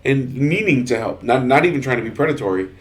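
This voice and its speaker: A man's voice: mid-range voice, expressive. Chatty Texan-raised man telling stories. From Texas. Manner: halting, restarts often, laughs while telling stories. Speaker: podcast co-host. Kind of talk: casual chat.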